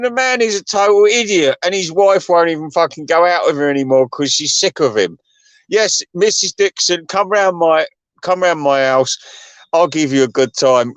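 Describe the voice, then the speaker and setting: A middle-aged male vlogger delivers a rambling, profane rant, drifting between points, mocking crudely and often laughing at his own jokes. His fairly high voice leaps even higher when he gets excited. The recording is close, dry and muffled, with no sense of a room.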